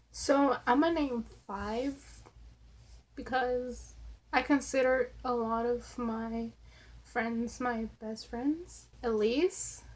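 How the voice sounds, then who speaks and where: A young woman vlogger answering Q&A questions and rambling through a story, filling her talk with "like" and swearing casually. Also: a little high. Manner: chatty, rambling, lots of "like".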